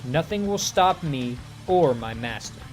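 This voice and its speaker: A man's voice: mid-range voice, animated, a little slow, faint music behind, voice pushed down, lightly acted. A man voicing a cold, haughty silver alien herald who speaks in grave, formal lines. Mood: scornful.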